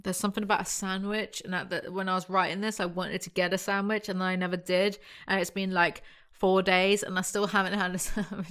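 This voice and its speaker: British girl reading a book out loud n roasting it, sarcastic, laughs a lot. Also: mid-range voice, flat delivery, fairly quick, clear, resonant tone. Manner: sarcastic, wry and self-mocking, laughs often. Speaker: YouTuber. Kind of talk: reading a novel aloud with comic commentary.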